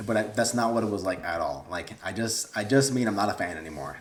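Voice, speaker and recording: A man's voice: deep voice, fast talker, hardly any pauses. A young man, vlogging casually in a rambling, awkward, self-deprecating way. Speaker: YouTuber. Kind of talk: casual vlog talk to camera.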